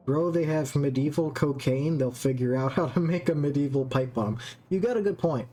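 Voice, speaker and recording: Casual streamer, crude jokey banter, mid pitch, light background noise. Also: normal speed, mellow. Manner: joking, crude, talks to chat. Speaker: game streamer. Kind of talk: casual live-stream commentary.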